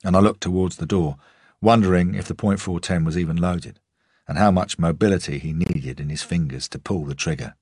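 A male narrator reads a first-person crime story in a measured, tense way. His voice is extremely deep with a husky edge. The sound is dry and close, with no room around it. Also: darkish tone, no echo. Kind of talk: scripted audiobook narration.

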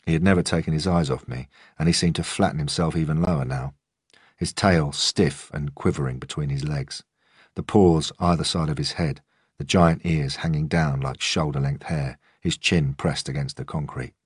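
Male audiobook narrator, very low and husky, measured delivery, dry booth. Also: dry recording. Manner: calm, measured storytelling. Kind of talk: first-person audiobook narration.

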